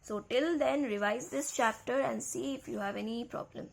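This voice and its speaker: A woman teaching a grammar lesson to schoolchildren, speaking slowly and repeating key words. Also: a little high, creaky. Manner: slow, repeats key words, addresses kids.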